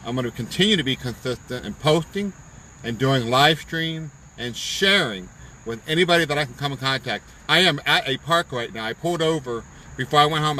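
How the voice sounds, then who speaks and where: His voice sits on the high side, bright and forceful, as this business promoter live-streams a fervent, preachy pep talk from his parked car at an outdoor park. He says things over and over for emphasis. The audio is poor, with slight background noise.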